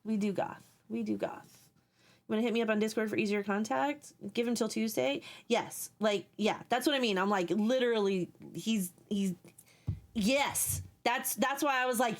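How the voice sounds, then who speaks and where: A woman's voice: medium pitch, expressive, normal speed. A young woman streaming live, chatting casually with her viewers and explaining things at length while she reads their messages.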